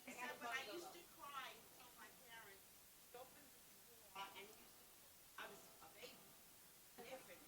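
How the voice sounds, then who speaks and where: High-voiced woman recounting a memory. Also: bright, forceful tone, a little hiss or hum. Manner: halting recollection, laughing. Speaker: audience member. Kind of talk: live Q&A anecdote.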